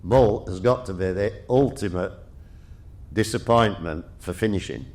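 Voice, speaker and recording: An older man, a guest telling lively stories, laughing often and restarting his sentences. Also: low-pitched, unhurried. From Yorkshire. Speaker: guest, retired rally driver. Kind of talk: casual anecdotal storytelling.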